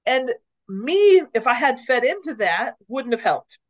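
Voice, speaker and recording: A woman on a podcast talks through leadership in a lively, storytelling way, slipping into the voices of the people she quotes. Her voice sits a touch high. The audio is dull and muffled, like a lo-fi recording. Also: a little slow. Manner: animated storyteller who acts out quoted lines. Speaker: podcast co-host. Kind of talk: casual conversation on leadership.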